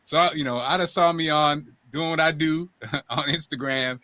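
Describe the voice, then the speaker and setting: Bright, high-voiced male talk-show host. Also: normal speed, no room sound. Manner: lively, emphatic storyteller who repeats himself. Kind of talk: casual talk-show chat.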